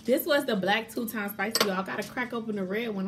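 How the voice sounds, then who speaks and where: A woman chatting casually to camera as a mukbang vlogger, excitable and calling her viewers y'all. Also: mid-range voice, brisk, few pauses, noisy background.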